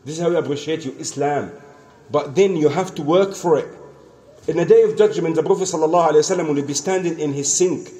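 Earnest man preaching, mellow voice. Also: a little high, fast. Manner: earnest, repetitive, acts out the dialogue of the story. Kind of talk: sermon storytelling.

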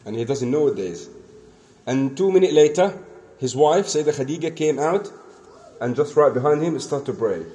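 Earnest man preaching, mellow voice. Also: fairly high pitch, animated, moderate pace. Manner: earnest, repetitive, acts out the dialogue of the story. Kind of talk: sermon storytelling.

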